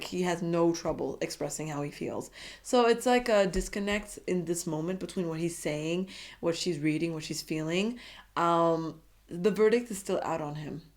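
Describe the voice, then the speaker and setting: A woman's voice: lowish voice, darkish tone. A woman giving a casual recap of a reality show, gushing and dramatic as she talks straight to her viewers.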